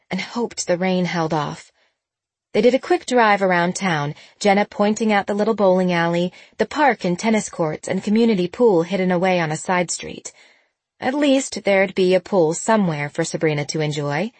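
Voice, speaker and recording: Low-voiced woman reading an audiobook. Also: normal speed, no echo. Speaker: narrator. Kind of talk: audiobook narration.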